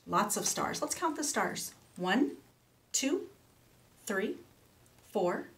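A woman teaching speech to children, reading a picture book aloud slowly and clearly and pausing so they can repeat words. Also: big pitch swings. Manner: animal sounds with big jumps in pitch.

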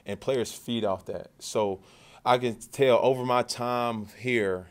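A man's voice: medium pitch, fairly even intonation, slow. A man, a football quarterback, answering questions at a press conference in a loose conversational way, often repeating and restarting words. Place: media session after practice.

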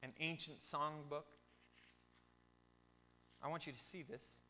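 A man's voice: fairly high pitch, fairly even intonation, slow pace, pushed and bright. A man giving a casual youth sermon in a church, speaking informally with joking asides. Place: church sanctuary. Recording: long church reverb with faint hum.

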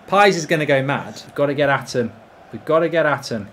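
Male streamer, 30s, sweary live game commentary, animated pitch, faint hiss. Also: brisk. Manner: swearing, excitable outbursts. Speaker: gaming streamer.

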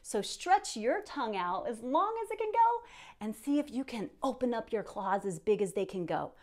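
A woman's voice: a little high, very animated, moderate pace, darkish tone. A woman teaching yoga to young children, talking to them directly in a playful, encouraging way and telling a pretend story with gasps and exclamations. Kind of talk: guided kids yoga lesson.

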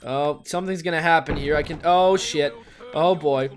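A man hosting a gaming video, giving casual, excitable play-by-play commentary and exclaiming and swearing often. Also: a little high, moderate pace, slight background noise. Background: faint background music.

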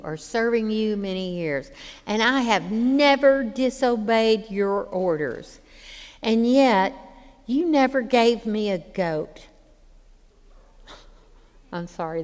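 A woman's voice: a little high, in a large hall. A woman teaching a Bible lesson, reading scripture passages aloud and explaining them in plain words.

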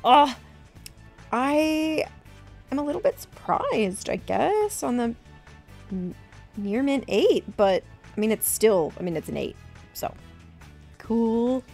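A woman vlogger gushes and gasps, her fairly high voice leaping up and down with excitement. She repeats her happy exclamations and chats to viewers casually. Faint music runs underneath. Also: takes it slowly, gravelly, long pauses. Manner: gushing, gasping, repeats herself. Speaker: card collecting vlogger. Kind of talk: excited unboxing chat.

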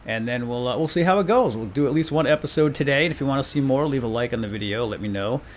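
A gaming channel host with a mid-range, expressive voice talks fast while playing a let's play, chatting casually and self-deprecatingly with viewers. Now and then he bursts into loud, playful mock commands at his game crew, over a slight hiss or hum.

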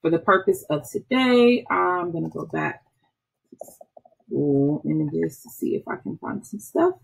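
A woman, an instructional technology trainer, walking through software step by step in a patient, explaining way with small restarts. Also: low-pitched, a little slow, creaky, husky. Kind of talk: screen-recorded software tutorial.

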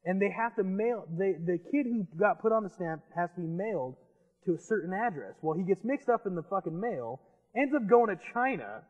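Here a young man with a high-pitched voice tells a rambling, swear-filled story in casual podcast chat. The sound is muffled and rings with a long reverb, with faint music underneath. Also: lively intonation, fairly quick, darkish tone. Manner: rambling, profane, laughing storyteller. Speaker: podcast host. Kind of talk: casual chat, retelling a movie.

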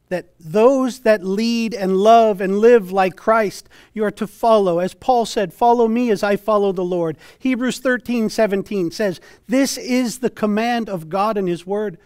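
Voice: medium pitch, no echo, clean studio sound. A preacher giving an earnest sermon, exhorting listeners and citing scripture.

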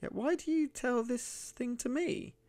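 A man voicing a gnarled, sullen old male miser in a high, cracking, wheedling voice. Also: measured pace, a little mellow. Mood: fearful wheedling.

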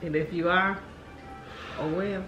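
A woman's voice: on the low side, steady tone, measured pace. A middle-aged woman chatting casually over a meal, playful and motherly, teasing her son. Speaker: guest, mother of the host. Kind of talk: casual mukbang chat. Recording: echoey room, music behind.

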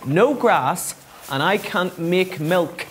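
A man voicing a stomping, fed-up cow who speaks in a slow, drawn-out way. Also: sits high, lively intonation, a little hiss or hum, voice pushed up.

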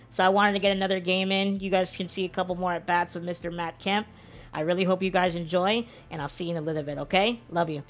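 A woman giving casual commentary on her own video game play, swinging from low-key play-by-play to loud, excited yelps. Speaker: gaming video creator.

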